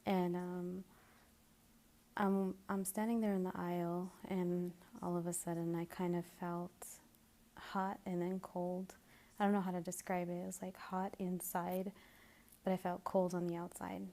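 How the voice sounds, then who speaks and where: Low, gravelly-voiced young woman vlogger. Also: level tone, unhurried. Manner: hesitant, many ums and restarts, drifting into soft whispers. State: a little out of breath. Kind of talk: casual storytelling vlog.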